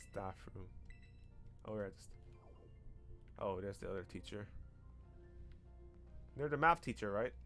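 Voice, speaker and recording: A man's voice: lowish voice, expressive, slow pace, long pauses, bright, forceful tone, soft background music. Chatty American-accented man streaming a game. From Korea. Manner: chatty, answers chat, trails off and restarts. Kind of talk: casual gameplay commentary.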